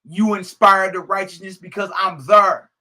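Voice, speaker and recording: A man's voice: sits high, steady tone, moderate pace, bright, forceful tone. A man teaching a religious lesson, reading a scripture text aloud and breaking off into casual, laughing commentary that keeps asking "Hmm?" and "Huh?". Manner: laughs often while he talks.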